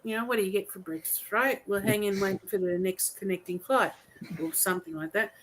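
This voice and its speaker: A woman's voice: mid-range voice, fairly even intonation, fairly quick, a bit bright, a little hiss or hum, rough recording. An Australian woman chatting casually on a podcast, searching for words and amused by the topic. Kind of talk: casual chat.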